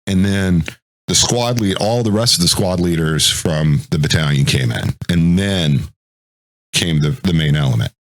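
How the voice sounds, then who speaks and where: A military veteran talking casually on a podcast, telling a war story in a rambling, profane way and acting out what people said. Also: male voice, low-pitched, moderate pace. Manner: acts out quoted voices.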